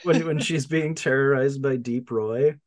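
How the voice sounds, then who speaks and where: A man's voice: medium pitch, a little slow, no room sound, studio quality. A man co-hosting a podcast, chatting casually about a movie, laughing often and swearing now and then. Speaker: podcast co-host. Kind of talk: casual movie-review chat.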